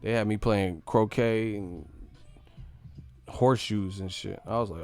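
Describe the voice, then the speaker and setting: A young man from the United States, hosting a casual live stream and joking loudly with lots of profanity. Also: on the low side, a little slow, pauses often, smooth, soft background music. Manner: loud, profane, joking, laughs a lot.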